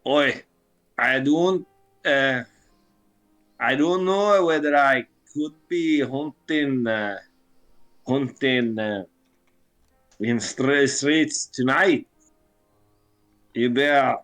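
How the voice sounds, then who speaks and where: A man voicing a rowdy, tipsy female dwarf brawler with a bellowing, gruff drawl in a tabletop game. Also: mid-range voice, extremely slow, pauses often, fairly bright tone, faint music behind. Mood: boisterous. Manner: boisterous.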